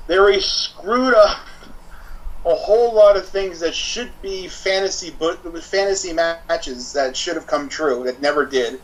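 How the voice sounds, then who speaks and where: A man co-hosting a casual wrestling podcast, excitable, often acting out imagined promos in put-on voices. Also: fairly high pitch, unhurried, poor audio. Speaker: podcast co-host.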